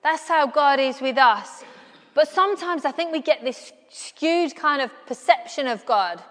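A woman's voice: sits high, lively intonation, unhurried, a bit bright. A woman preaching a sermon, earnest and repeating key phrases for emphasis. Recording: long hall reverb.

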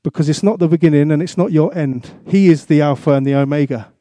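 A man's voice: fairly high pitch, fast, dark tone, no echo. A man preaching a sermon as pastor, asking the congregation questions and repeating his exhortations.

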